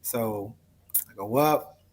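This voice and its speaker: A man's voice: fairly low pitch, slow. A man as an interview guest, telling a story in a laid-back, rambling way full of fillers. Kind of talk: casual storytelling.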